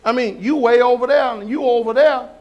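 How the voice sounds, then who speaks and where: High-voiced preacher man. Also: brisk, dull audio. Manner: folksy, animated, shouts and laughs; questions the congregation. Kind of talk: sermon.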